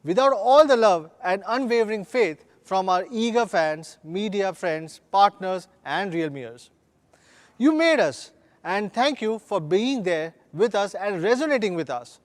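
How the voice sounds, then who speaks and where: Male executive, high voice, rousing scripted keynote, slogan-heavy delivery. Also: lively intonation. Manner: rousing, slogan-filled corporate pitch with measured emphasis. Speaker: company executive giving a product launch keynote.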